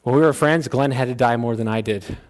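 A male pastor delivering a sermon in a plain-spoken, folksy way, swinging between loud, high exhortation and quiet, low asides. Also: a little fast.

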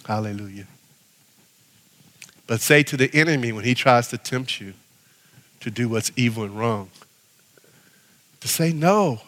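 A man preaching a sermon as pastor, animated, swinging from loud exhortation to hushed prayer. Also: mid-range voice, measured pace, long pauses. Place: church sanctuary. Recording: long reverb of a church hall.

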